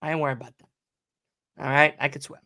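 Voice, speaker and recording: A young man co-hosting a livestream, telling a story in animated casual chat and swearing often. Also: a little high, a little fast. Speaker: livestream co-host.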